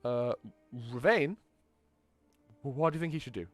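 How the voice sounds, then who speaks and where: A man, stammering through quick restarts as game master of an online tabletop game. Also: fairly high pitch, lively intonation, soft background music.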